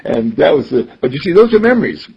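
Older guy, raspy gravelly voice, telling stories in a talk, dull lo-fi sound. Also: on the high side, very animated, fast talker. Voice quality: husky, gravelly. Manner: storytelling, acts out quoted voices, chuckles often. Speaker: speaker giving a talk. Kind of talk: conversational talk with anecdotes. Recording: dull lo-fi recording.

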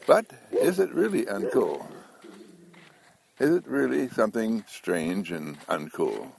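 A man's voice: lowish voice, sing-song, slow pace, vocal fry, background noise. A man giving an inspirational talk who asks his listeners questions, chuckles often and acts out the voices of the people in his stories. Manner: chuckles as he talks.

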